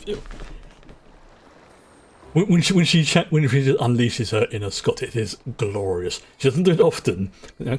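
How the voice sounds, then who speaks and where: Husky London man chatting over a game. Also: medium pitch, a little mellow. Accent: London English. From England. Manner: rambling, chatty, with frequent restarts. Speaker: game streamer. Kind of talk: casual gameplay commentary.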